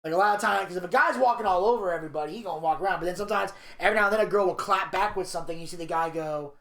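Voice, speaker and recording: A man co-hosting a podcast, reading a narration aloud and retelling scenes in a crude, animated way. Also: high voice, racing. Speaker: podcast co-host. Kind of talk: casual podcast chat, reading a documentary narration. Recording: echoey room.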